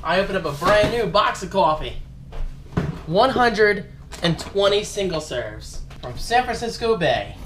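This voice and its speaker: Upbeat man vlogging his day, chatty and animated, voice swinging up and down. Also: high voice, unhurried, background noise. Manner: chatty, animated, joking asides to viewers. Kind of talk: casual daily vlog chat.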